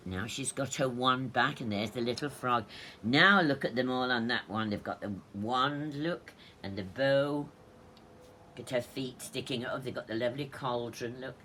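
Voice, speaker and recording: A woman teacher reading a picture book aloud, animated, pointing out the pictures as she goes. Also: extremely low pitch, measured pace, a little hiss or hum.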